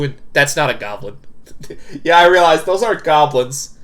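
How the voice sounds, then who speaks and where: A man streaming a scary game live, reading the characters' lines aloud in shifting voices, jumpy and quick to swear. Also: mid-range voice, lively intonation, a bit bright.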